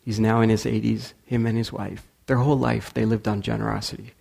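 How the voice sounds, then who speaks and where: A man's voice: on the low side, fairly quick, creaky. A man giving a talk, telling a story and acting out the people in it. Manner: animated storyteller acting out quotes. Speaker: speaker.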